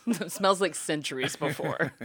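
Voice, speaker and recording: A woman's voice: deep voice, normal speed, a bit bright, husky. A woman in casual podcast chat who tells rambling stories and laughs often.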